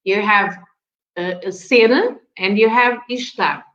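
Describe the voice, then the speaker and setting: A woman's voice: medium pitch, slow, a bit bright, dull audio. Woman teaching over an echoey call. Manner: patient, explaining, laughs often. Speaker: Portuguese teacher. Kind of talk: live online language lesson.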